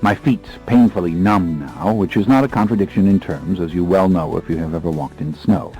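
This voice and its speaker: A man narrating an audiobook in the first person, with a brooding, measured delivery and expressive pacing. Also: low voice, faint music behind, poor audio.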